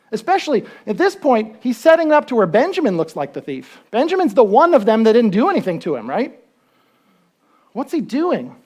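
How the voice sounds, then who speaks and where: Conversational preacher retelling a story. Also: mid-range voice. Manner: conversational, asks the listeners questions; animated storytelling, acts out quotes. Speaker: pastor. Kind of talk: sermon.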